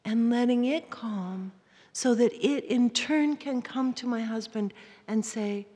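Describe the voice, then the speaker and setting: A woman giving a live talk to an audience, gentle and often dropping to a soft near-whisper. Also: fairly high pitch, slow pace. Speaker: workshop speaker. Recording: hall reverb.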